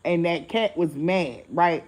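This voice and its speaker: Animated woman telling a story. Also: lowish voice, takes it slowly, low-quality recording. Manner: animated, acts out voices in quotes, swears freely. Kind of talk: casual storytelling to viewers.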